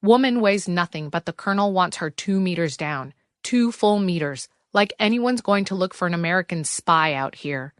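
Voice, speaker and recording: A man's voice: high-pitched, animated, normal speed, few pauses, a bit bright, smooth, no echo, clean studio sound. A woman reading the lines of a second gravedigger, a man who grunts his words and shrugs things off. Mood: grumbling. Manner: grunting, dismissive. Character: grumbling dismissive male gravedigger.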